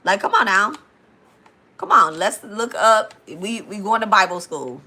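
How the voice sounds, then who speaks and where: A woman's voice: mid-range voice, lively intonation, measured pace, pushed and bright. A woman from Detroit with a Detroit accent, talking blunt and profane in a casual live stream as a spiritual reader, reading and answering comments. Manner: reads comments aloud and answers them.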